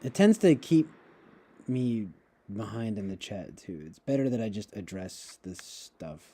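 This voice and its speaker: A man hosting a casual livestream, responding to chat in a rambling, halting way with many restarts and occasional chuckles. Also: fairly low pitch, big pitch swings, dark tone. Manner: chuckles often while talking. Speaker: livestream host reading chat.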